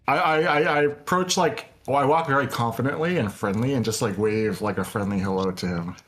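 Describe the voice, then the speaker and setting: A man's voice: mid-range voice, a little fast, fairly bright tone, faint music behind. A player in a tabletop game, a man talking hesitantly and restarting as he describes what his character does. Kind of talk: casual tabletop play.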